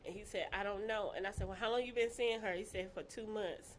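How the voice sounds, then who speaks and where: Telling a personal story in easygoing chat, this woman stays animated and laughs, performing the voices of those she quotes. She talks at a quick pace in a medium-pitched voice, with a little hiss or hum audible.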